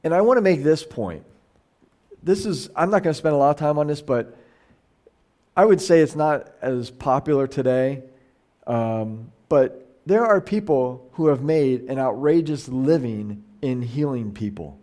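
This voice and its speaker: A middle-aged pastor teaches a Bible study in a casual, conversational sermon style, using a mid-range, expressive, slightly mellow voice at an unhurried pace. He's animated, restarts sentences frequently and acts out quoted voices.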